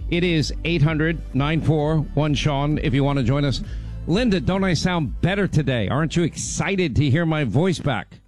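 A man's voice: fairly high pitch, normal speed, darkish tone, soft background music. A man hosting a talk radio show, rambling and chatty, getting over laryngitis. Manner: rambling, chatty, many fillers. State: recovering from laryngitis. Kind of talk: casual talk radio chat.

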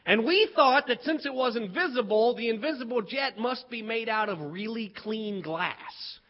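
A man from West Virginia performing a comic childhood story, animated and acting out the voices. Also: very high voice, normal speed. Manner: animated, acts out voices, builds to punchlines. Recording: dull lo-fi recording.

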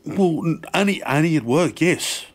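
A man's voice: on the high side, animated, normal speed, faint music behind. A man co-hosting a radio chat, teasing and cutting in with banter. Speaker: radio co-host. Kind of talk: casual chat.

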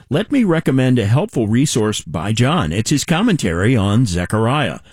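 A man hosting a Christian radio program, announcing smoothly and asking interview questions. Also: mid-range voice, darkish tone. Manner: smooth, promotional announcer delivery.

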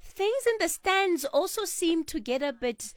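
A woman's voice: very high-pitched, animated, unhurried, no room sound, clean studio sound. Woman hosting morning radio. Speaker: radio host. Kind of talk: radio talk show. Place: radio studio.

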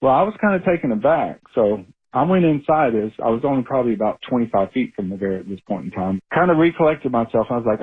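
Animated male caller on a husky phone line. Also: medium pitch, fast talker. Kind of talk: phoned-in storytelling.

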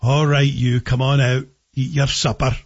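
A man's voice: medium pitch, flat delivery, moderate pace, breathy edge, lo-fi sound, voice pushed down. A man putting on a Scottish accent to play a stern parent scolding a child.

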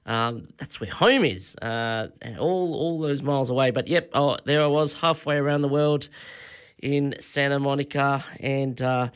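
A man's voice: medium pitch, measured pace, clear, resonant tone. An Australian man in his forties, a radio host telling rambling travel stories in a casual on-air monologue. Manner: rambling anecdotal storytelling.

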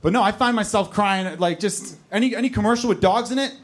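A man's voice: high voice, quick pace. A man in his thirties performing a stand-up comedy set on a club stage, telling stories in a conversational, self-deprecating way.

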